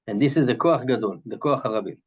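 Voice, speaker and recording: A man's voice: mid-range voice, fast talker, husky. Man explaining a Hasidic text, dull sound. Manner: checks in with "right?", explains Hebrew terms in English. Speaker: Torah teacher. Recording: dull lo-fi recording.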